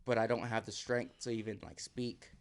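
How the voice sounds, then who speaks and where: A man's voice: on the low side, fairly even intonation, normal speed. Man telling a wild survival story. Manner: vivid, acts out his own quotes, drops to near whisper. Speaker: podcast guest. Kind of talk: casual storytelling.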